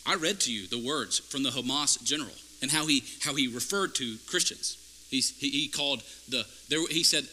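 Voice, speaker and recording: Male pastor, sermon delivery, piercingly bright tone, chatty to fiery, faint hum under it. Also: medium pitch, rough recording. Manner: conversational, building to fervent emphasis. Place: church.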